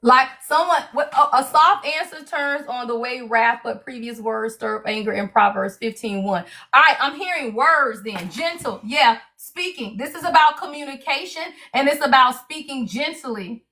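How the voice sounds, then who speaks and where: A woman giving a livestream tarot reading, lively and salty, cursing freely and throwing in "y'all.". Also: high voice, normal speed, hardly any pauses. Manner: animated, salty, cusses freely, keeps saying y'all. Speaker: tarot reader.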